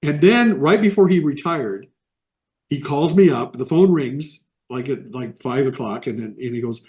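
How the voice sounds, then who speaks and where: A man's voice: mid-range voice, lively intonation, normal speed, a little mellow. A middle-aged man from the American Midwest, telling rambling anecdotes in a casual interview over a video call. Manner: rambling anecdotes with quoted voices. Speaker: interview guest, animation artist.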